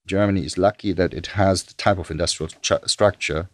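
A man's voice: sits low, fairly even intonation, fairly quick, no echo. A male economist in an interview soundbite, speaking hesitantly and restarting phrases.

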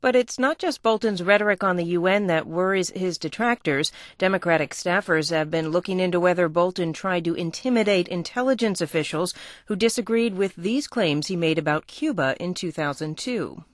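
Measured woman news reporter. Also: fairly low pitch, no room sound, clean studio sound. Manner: measured, even delivery.

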